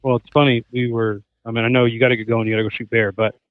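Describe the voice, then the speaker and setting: A man's voice: mid-range voice, fast talker, no echo. A man in his thirties, a hunter and chef guest on a podcast, telling stories animatedly and acting out what others said. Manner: animated storyteller, acts out quotes. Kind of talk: casual podcast chat. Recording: tinny phone-like remote line.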